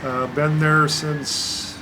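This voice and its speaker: Man from illinois, interviewee, hesitant, filler-heavy, slightly high voice, clear background noise. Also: flat delivery, drawn-out words. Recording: noisy room recording.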